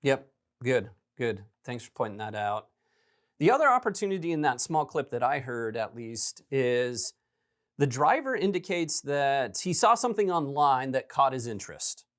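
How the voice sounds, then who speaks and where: A man's voice: mid-range voice, sing-song, normal speed, fairly bright tone. A man hosting a recruiting podcast, talking through a call in a loose, conversational way and often checking in with "right?". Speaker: podcast host. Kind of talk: podcast commentary.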